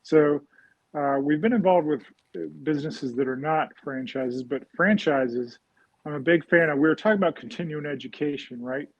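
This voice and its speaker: Speaking at a normal pace in a slightly high voice, this guest real estate investor chats loosely through an interview. He rambles, uses plenty of fillers, and keeps ending points with "right?" The sound is lo-fi.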